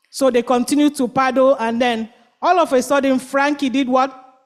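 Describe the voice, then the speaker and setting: High-voiced woman telling a kids' story. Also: moderate pace. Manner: animated, quizzing listeners with "what?" questions. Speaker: children's storyteller at church. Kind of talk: children's story with call-and-response. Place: church.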